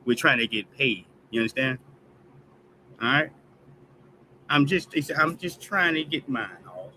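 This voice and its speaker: A man's voice: mid-range voice, animated, unhurried, sharp tone, slight background noise, rough recording. A man hosting a news commentary stream, ranting emphatically and tagging lines with "all right?". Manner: emphatic, repetitive "all right?" tags, heated and profane. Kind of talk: casual commentary rant.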